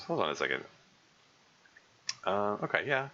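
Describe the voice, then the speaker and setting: A man's voice: lowish voice, animated, moderate pace, bright, forceful tone, highs cut off, soft background music. A man streaming a visual novel, rambling and thinking aloud with many restarts.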